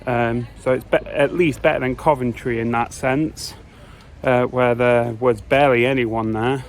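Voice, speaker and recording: A man's voice: medium pitch, steady tone, a little slow. A man, chatting casually and hesitantly as a travel vlogger while walking through city streets. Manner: hesitant, rambling with many fillers. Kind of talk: casual vlog chat. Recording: faint street noise outdoors. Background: faint traffic and street ambience.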